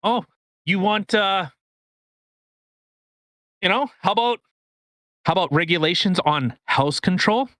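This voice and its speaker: A man from Canada holds forth on a casual podcast, his voice bright and slightly high for a man. He talks in a restless, profane ramble full of restarts. The sound is dry and close. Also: expressive, measured pace, pauses often, no room sound. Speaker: podcast co-host. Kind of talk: casual political rant.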